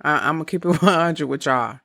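A woman's voice: low-pitched, brisk, creaky, a bit bright, no room sound, studio quality. A woman of around fifty giving blunt, profane relationship advice in a candid casual monologue with laughing asides.

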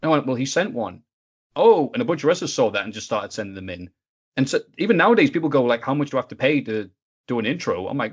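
A rapid man chatting as a podcast guest. He tells anecdotes animatedly and slips into mimicking others. The audio is muffled and lo-fi. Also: mid-range voice, breathy edge. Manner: animated, acts out voices in his stories, swears. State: sick, stuffy. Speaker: interview guest, video maker. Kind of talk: casual podcast storytelling.

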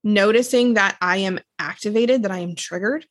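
A woman's voice: medium pitch, dry recording. Earnest woman explaining emotional regulation. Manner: earnest, explanatory, slows down to stress points. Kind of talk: casual podcast conversation.

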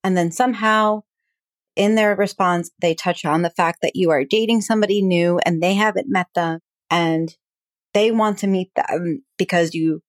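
Calm low-voiced woman coaching on boundaries. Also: dry recording, studio quality. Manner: calm, explanatory, acts out example dialogue. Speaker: podcast host and relationship coach. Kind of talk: advice podcast monologue.

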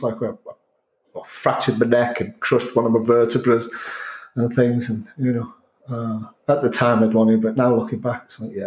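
A man's voice: mid-range voice, a little mellow. Reflective North Wales man, echoey room. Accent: North Wales with Scouse and Manchester touches. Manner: reflective, rambling with many restarts. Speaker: interview guest. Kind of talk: casual conversation.

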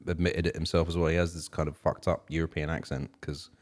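This co-host of a laid-back music podcast has a very low voice that barely moves in pitch, and he talks fast. He meanders from thought to thought with plenty of fillers and restarts while chatting comfortably with his co-host.

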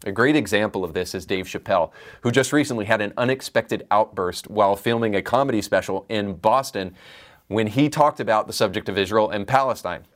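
A man hosting a commentary show, delivering opinions in an emphatic, argumentative way. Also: lowish voice. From United States. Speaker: commentary podcast host.

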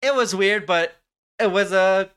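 A man's voice: high-pitched, measured pace, a bit bright, clear, resonant tone. A man co-hosting a podcast, chatting casually and rambling with lots of "like" and swearing. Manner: rambling, heavy use of "like", profane. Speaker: podcast co-host.

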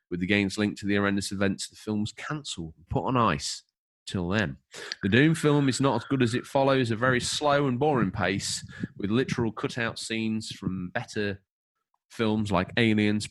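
Low-voiced guy on a podcast, wry and chatty, reading stuff out. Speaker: podcast co-host. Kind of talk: casual podcast chat, reading out a listener's overview.

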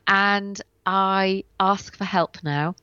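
Woman guest, in pain, animated storyteller, dull dry lo-fi sound. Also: mid-range voice, drawn-out words, clear, resonant tone, no room sound. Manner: animated, acts out what she and others said. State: in pain while speaking. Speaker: guest, writer and coach. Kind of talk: personal storytelling in an interview. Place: at home.

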